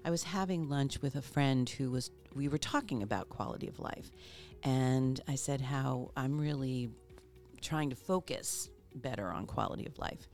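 A woman's voice: rumbling low, animated, moderate pace, a little mellow, faint music behind. A woman hosting a podcast, telling a reflective story in a casual, emphatic way. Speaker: podcast host. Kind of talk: conversational storytelling.

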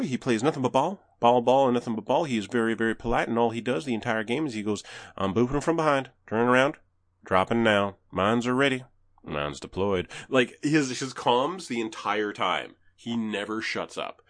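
A young Canadian man with a Canadian accent, talking casually about a video game as a podcast co-host. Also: mid-range voice. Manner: animated, laughs often. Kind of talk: casual gaming chat.

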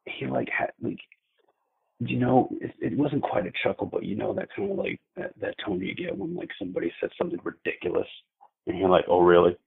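Caller, male: deep gravelly voice, stumbling and repeating himself as he tells a scary story over a tinny phone line. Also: sing-song. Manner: halting, repeats words, many fillers. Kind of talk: telling a frightening personal story.

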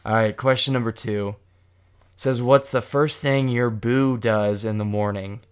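A man's voice: fairly low pitch, fairly even intonation, measured pace, smooth. Rambling, joking young man. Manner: joking, rambling, self-deprecating. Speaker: vlogger, co-host with partner. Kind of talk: casual couple chat.

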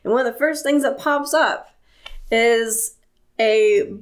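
Woman podcast host, solo monologue, earnest and plain-spoken, slow delivery. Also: on the high side.

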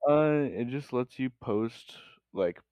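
A man's voice: mid-range voice, expressive, slow, darkish tone. A teenage boy as podcast guest, laid-back in casual chat with friends. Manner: laid-back, filler "like" and "dude".

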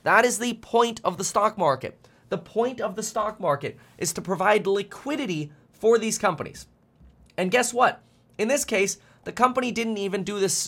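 A man's voice: sits high, a bit bright. A man streaming finance commentary, ranting bluntly and fired up, often stumbling over repeated words.

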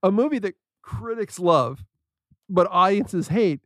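Man, high voice, lively swooping pitch, playful, laughs a lot, casual podcast chat. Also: measured pace, no room sound, studio quality. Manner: animated, laughs often, playful. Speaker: podcast co-host.

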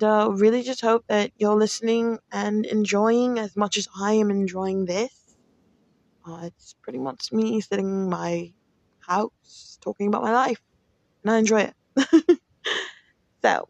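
A woman's voice: mid-range voice, unhurried, creaky, pauses often, darkish tone, no room sound. Frank woman venting on a home podcast. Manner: frank, venting, swears freely. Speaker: podcast host. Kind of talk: casual solo podcast monologue.

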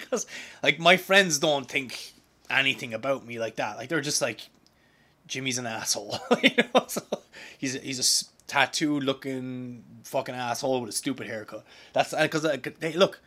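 Man, young, from ireland, podcast host, bright forceful tone, swears a lot, many false starts. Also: medium pitch, moderate pace. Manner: excitable, profane, rambling with many restarts. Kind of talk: casual podcast monologue.

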